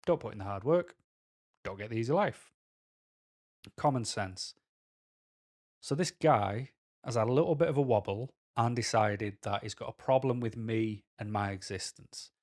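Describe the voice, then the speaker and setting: A man's voice: lowish voice, normal speed, long pauses, a little mellow. A man with a Mancunian accent talking candidly to camera as a vlogger, rambling through personal stories with tangents.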